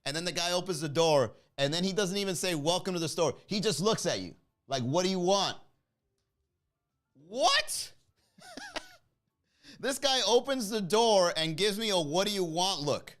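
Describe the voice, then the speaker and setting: A man hosting a comedy podcast, telling a story in a casual, animated way, acting out the people in it and laughing at his own jokes. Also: moderate pace. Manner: animated, acts out quoted voices with big pitch jumps.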